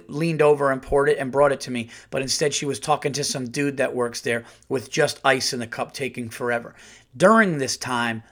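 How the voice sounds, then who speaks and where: A middle-aged male comedian hosting a podcast, telling an exasperated story in a casual, animated way and acting out the quotes. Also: mid-range voice. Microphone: podcast studio mic.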